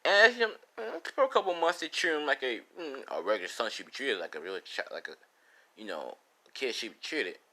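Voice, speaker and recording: A man improvising a story in a rambling, profane, casual way. His voice is bright and his pitch moves a lot. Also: animated, fairly quick. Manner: rambling, profane, laughs at own jokes.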